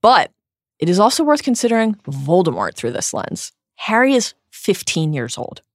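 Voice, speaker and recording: Female podcast co-host, lowish voice, very animated, emphatic and emotional in casual talk. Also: normal speed, no room sound, clean studio sound. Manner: emphatic, emotional reactions with a loose profane edge.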